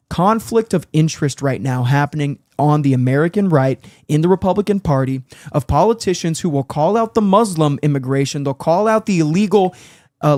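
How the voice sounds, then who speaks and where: A man delivering a public speech, emphatic and declaiming. His voice sits a little high for a man and sounds close and dry, with no room around it. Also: darkish tone, no room sound. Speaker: political speaker.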